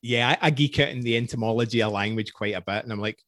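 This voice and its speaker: A man's voice: medium pitch, fast, fairly bright tone, no echo. Chatty Scottish man, dry close sound. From Scotland. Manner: chatty, laughs easily, storytelling. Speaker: podcast host. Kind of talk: casual conversational interview.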